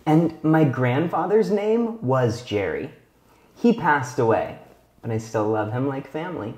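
Man teaching slowly in an echoey room. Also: medium pitch, big pitch swings, darkish tone. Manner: slow, clear teacher talk with frequent check-in questions. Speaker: English teacher. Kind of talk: video lesson for learners.

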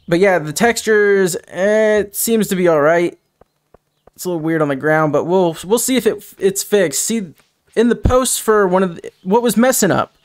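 A man's voice: a little high, smooth. A young man giving rambling, chatty let's-play commentary as a gaming host. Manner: rambling, chatty, self-correcting.

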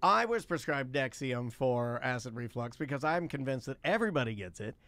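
A man's voice: mid-range voice, animated, fairly quick, no room sound. A man hosting a podcast, teasing his co-host with crude jokes in casual chat. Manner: crude joking, teasing, sudden loud outbursts.

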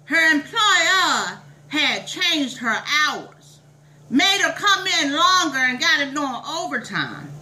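Brief: woman as a preachy church lady, lively sing-song pitch, exclamatory and drawn out. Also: heavily acted, poor audio. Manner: exclamatory, sermonizing, drawn-out drawl. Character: preachy, bossy middle-aged church lady. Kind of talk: comic monologue storytelling.

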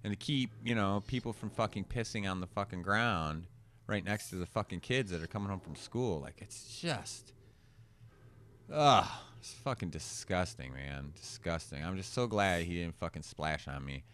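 A young man telling a profane story in animated rants while commentating a card game. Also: sits low, brisk. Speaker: gameplay commentator. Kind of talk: casual storytelling over gameplay.

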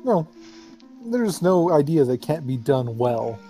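A man's voice: fairly high pitch, sing-song, takes it slowly, dark tone, faint music behind. A man co-hosting a game let's play, rambling and joking in casual chat. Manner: rambling, joking, fillers and restarts.

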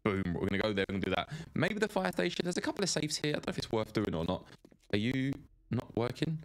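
A man's voice: mid-range voice, very animated, quick pace. A man giving live gameplay commentary, rambling and chatty as he greets viewers by name. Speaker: game streamer.

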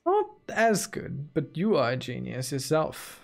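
Brief: laid-back let's-play host, unhurried, gravelly, game music under him. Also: male voice, on the high side, huge pitch swings. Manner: musing, self-talking, playful. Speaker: gaming video host. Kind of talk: casual let's-play commentary. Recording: soft game music behind.

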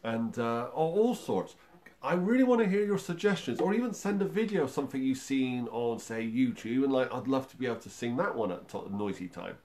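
A man's voice: mid-range voice, expressive, a little fast, a little mellow. A man hosting a music livestream for young children, chatting in an upbeat, encouraging way with many fillers. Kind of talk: friendly livestream talk to young children and parents.

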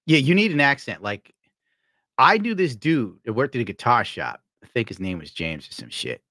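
A man chatting casually on a podcast, telling animated stories and mimicking voices. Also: medium pitch, moderate pace, no echo, clean studio sound. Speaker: podcast co-host.

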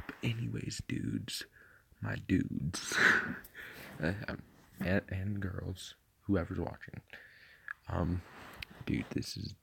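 A man's voice: deep voice, vocal fry, darkish tone, slight background noise. A man rambling through a casual vlog from his bed at night, full of fillers and swearing. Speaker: vlogger.

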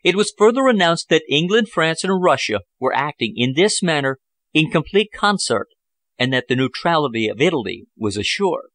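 A man narrating a novel chapter as an audiobook, in a measured, even storytelling manner. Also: on the high side, dry recording. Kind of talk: scripted narration.

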